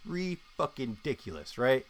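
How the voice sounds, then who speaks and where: A man's voice: big pitch swings, a little slow. A young man in casual chat, ranting with heavy swearing and frequent laughter. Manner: profane ranting, mimics people in a high voice; laughs often.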